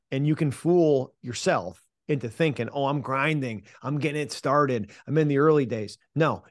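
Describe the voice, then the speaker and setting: A man's voice: mid-range voice, no room sound, clean studio sound. A middle-aged man, a mental performance coach, telling a personal story as a podcast guest in a punchy, emphatic way, casually swearing and calling the listener "man". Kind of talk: animated storytelling in an interview.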